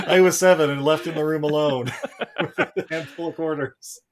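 A man's voice: fairly high pitch, a little slow. A man co-hosting a podcast, teasing his guest and laughing often in casual chat. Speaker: podcast co-host.

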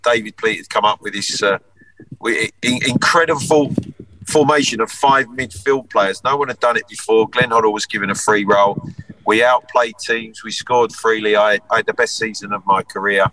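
A man's voice: on the low side, moderate pace, pushed and bright, recorded from a distance, poor audio. A man in his sixties, a former footballer, reminiscing earnestly in a casual podcast chat. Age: 60s.

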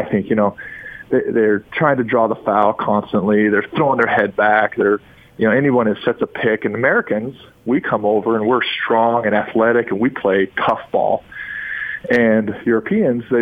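Speaking in a lowish voice with no room sound, a Utah man in his thirties who formerly played pro basketball tells stories by phone to a sports radio show. He's rambling and enthusiastic, restarts frequently, and comes through a tinny line.

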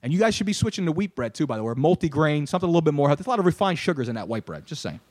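A young man, co-hosting a podcast and ranting animatedly, swearing and shouting his punchlines. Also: a little high, very animated, rapid-fire, no room sound. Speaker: podcast co-host. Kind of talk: casual ranting chat.

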